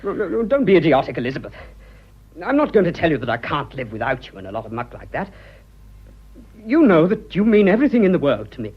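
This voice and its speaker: A man's voice: fairly high pitch, sing-song, quick pace, breathy edge, dull audio. An actor playing an earnest, flustered young businessman declaring his love, stammering in clipped upper-class British speech in a radio drama.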